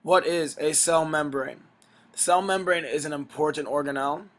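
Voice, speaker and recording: A man teaching a recorded science lesson with a sick, strained voice. He talks to his students in a brisk, instructive way, and his voice sits a little on the high side. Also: a bit bright.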